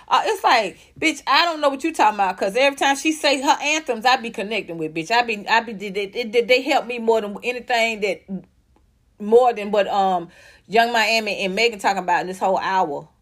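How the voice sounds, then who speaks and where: A fairly high-pitched young woman rants as a commentary host, swearing bluntly and sounding heated. Her delivery jumps from rapid bursts to slow, heavily stressed words.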